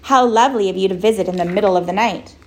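A woman voicing a dreamy, wordy, self-absorbed boy who talks in an unhurried, musing way. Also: mid-range voice, a little mellow, natural voice. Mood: unbothered.

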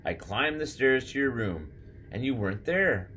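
A man's voice: medium pitch, expressive, normal speed, a bit bright, a little hiss or hum, voice pushed up, natural voice. A man voicing an anxious, loving mother who speaks in an urgent, emotional way. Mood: distressed.

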